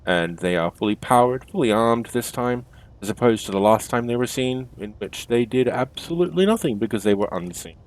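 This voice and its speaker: A man's voice: mid-range voice, expressive, a little fast. A man hosting a game stream, chatting casually and correcting himself as he goes. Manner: chatty, self-correcting, laughs easily. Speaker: stream host.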